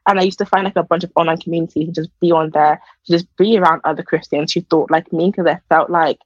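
A woman's voice: lowish voice, steady tone, fast, husky, dry recording, lo-fi sound. A young woman telling her personal story in a casual, earnest way, full of fillers. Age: young adult. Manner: earnest, chatty, many fillers. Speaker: podcast guest.

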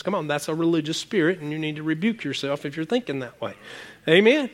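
A man preaching a sermon as pastor, animated and joking with his congregation, his voice jumping to excited peaks. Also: a little high, normal speed.

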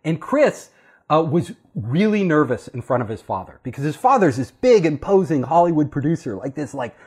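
A man casually telling a story, animated and often laughing as he acts out what others said. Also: fairly high pitch, moderate pace, slightly rough. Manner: animated, laughing, acting out quoted voices. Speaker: storyteller guest. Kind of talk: casual anecdote.

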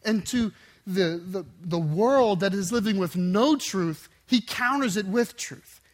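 This sermon comes from a high-voiced pastor who keeps a measured pace. He preaches with fierce emphasis, building to forceful peaks and then sinking to soft, low finishes.

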